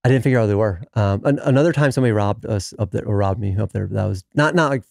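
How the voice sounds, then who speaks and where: A man's voice: on the low side, rapid-fire, vocal fry, dry recording, studio quality. A man, a podcast guest telling a long story in casual conversation and acting out the quoted dialogue. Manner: animated storyteller who acts out quoted dialogue.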